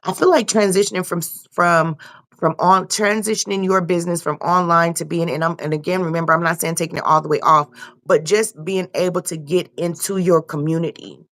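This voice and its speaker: A woman's voice: lowish voice, steady tone, a little fast, a bit bright. A young woman giving a loose, casual tarot reading and repeating herself often. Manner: loose, repetitive, swears casually. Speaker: tarot reader.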